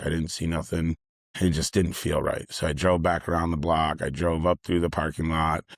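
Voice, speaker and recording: A young man with a very low voice recounts a personal story in a casual, rambling way. His delivery stays even and level, and he keeps circling back to repeat himself. The sound is dry and close. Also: creaky, no room sound. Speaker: delivery driver.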